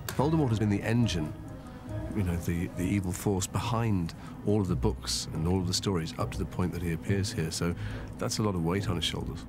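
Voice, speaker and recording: A man's voice: low voice, brisk. A man, a filmmaker, earnestly explaining the production in an interview. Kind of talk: interview commentary. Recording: interview with music under it.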